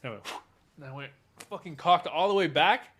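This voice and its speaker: A man's voice: on the high side, a little fast, fairly bright tone, husky. A man co-hosting a podcast in casual chat, rambling, laughing often and swearing. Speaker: podcast co-host.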